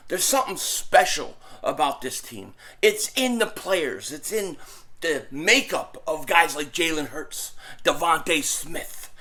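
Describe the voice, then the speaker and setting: A man hosting his own sports fan show, talking in an energetic rant that bursts into shouting. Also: high-pitched.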